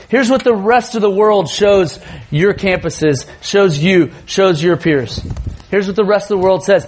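Male youth preacher, thirties, high-pitched, earnest sermon delivery with soft tender passages. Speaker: youth pastor.

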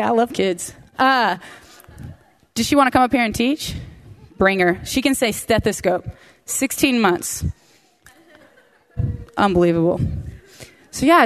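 A woman teaching a conversational sermon, repeating key phrases for emphasis and making chatty asides to the audience. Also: fairly high pitch. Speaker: Bible teacher.

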